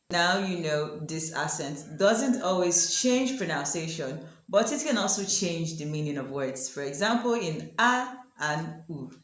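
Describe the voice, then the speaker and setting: Slow-talking woman teaching in an echoey room. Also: lowish voice, a bit bright. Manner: asks the viewer questions and repeats example words slowly. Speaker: French teacher. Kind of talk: language lesson explaining pronunciation.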